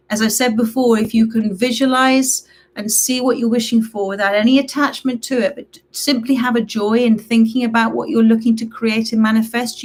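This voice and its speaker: A woman with a croaky voice giving a live tarot reading from home, gentle and affectionate with her viewers. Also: a little high. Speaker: tarot reader hosting a live stream. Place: at home, reading from a computer late at night.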